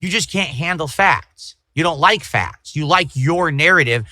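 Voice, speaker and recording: A man on a livestream lectures his chat in an indignant, repetitive rant. His voice sits a little high and has a bright, tense edge, and the sound is dry. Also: animated, unhurried, no room sound. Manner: indignant, lecturing, repeating himself. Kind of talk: ranting livestream talk.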